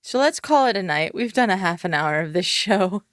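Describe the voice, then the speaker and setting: A woman's voice: on the low side, expressive, moderate pace, fairly bright tone, no echo. A woman co-hosting a casual chat with dry, wry humor. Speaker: co-host.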